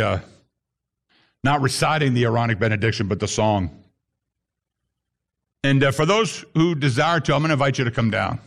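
A man preaching a sermon to a congregation, emphatic, with bursts that rise sharply in pitch. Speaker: pastor.

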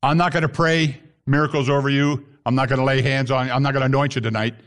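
A man preaching an impassioned sermon to a congregation, building to shouted emphasis at key points. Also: medium pitch, level tone, fast talker.

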